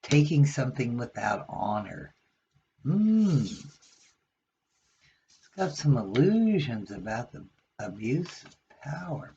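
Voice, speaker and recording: Slow gravelly-voiced man reading tarot. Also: mid-range voice, dark tone, dull audio, a little hiss or hum. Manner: musing, rambling, talks aloud to spirit. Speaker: tarot card reader. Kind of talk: casual rambling card reading.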